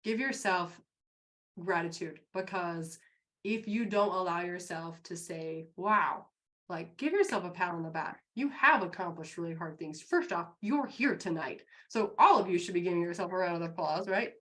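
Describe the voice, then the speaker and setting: A woman's voice: lively intonation, moderate pace, a bit bright. A woman co-hosting a live business show, giving an upbeat, encouraging motivational talk to an online audience. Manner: upbeat and encouraging, bursts high acting out quotes.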